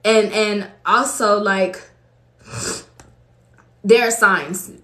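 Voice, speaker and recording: A woman's voice: medium pitch, fairly even intonation, extremely slow, fairly bright tone. A woman preacher from Los Angeles giving a fervent, conversational testimony sermon to her congregation in a church. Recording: echoey room.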